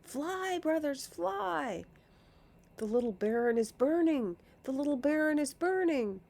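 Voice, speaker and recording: A woman's voice: lively intonation, measured pace, creaky, darkish tone, exaggerated voice. A woman doing shrieking, terrified ice creatures. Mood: panicked. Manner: high frantic shrieking cries.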